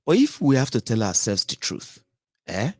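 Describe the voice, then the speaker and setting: A Nigerian man hosts his own political commentary show, talking in a mocking, animated monologue. He moves freely between English, Pidgin and Yoruba. His mid-pitched voice sits close and dry, with no room sound. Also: normal speed, no room sound.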